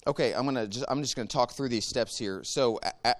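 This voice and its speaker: A man teaching a church group a guided meditation practice, calm and measured, giving step-by-step instructions. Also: medium pitch.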